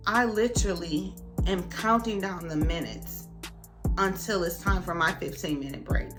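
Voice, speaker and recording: A young woman tells a story to her camera in a casual, lively way, acting out each quoted line with plenty of drama. Her voice sits in a medium range, and soft music plays underneath. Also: mid-range voice. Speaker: vlogger.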